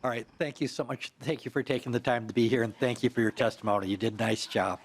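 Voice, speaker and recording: Man running a committee hearing, calm and reassuring, heard slightly off-mic. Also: medium pitch, quick pace, slightly rough. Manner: reassuring, gentle. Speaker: committee chair. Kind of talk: chairing a hearing. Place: legislative committee hearing room.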